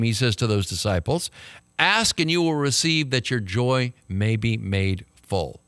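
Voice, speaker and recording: Pastor teaching a dry, close Bible study. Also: male voice, medium pitch, lively intonation, measured pace, a bit bright, clear, resonant tone, no room sound. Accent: Texan. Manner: conversational teaching, talks to the class with "okay?" and "right?". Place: church study group, small room.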